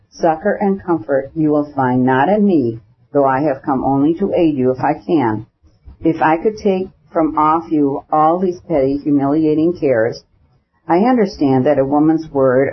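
Man voicing a gushing devout countess, storybook reading, husky slightly high voice, dull lo-fi sound. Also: moderate pace. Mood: fervent. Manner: gushing, rapturous and consoling. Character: fervent pious middle-aged countess. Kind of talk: audiobook character reading. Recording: dull lo-fi recording.

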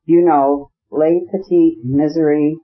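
A male narrator voicing an effusive, jovial middle-aged gentleman in an audiobook. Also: on the high side, fairly even intonation, slow, slightly rough, phone-quality sound. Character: beaming sociable gentleman, middle-aged man.

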